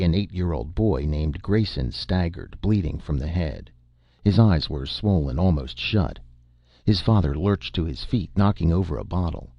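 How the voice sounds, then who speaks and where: Brief: male audiobook narrator, deep gravelly voice, measured delivery, dull dry recording. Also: no room sound.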